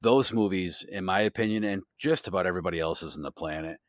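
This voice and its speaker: Man, low voice, dry close-mic podcast read, excitable and profane, rambling. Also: fast, dry recording. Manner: enthusiastic, swears freely, rambling asides. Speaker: podcast co-host. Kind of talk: casual podcast chat.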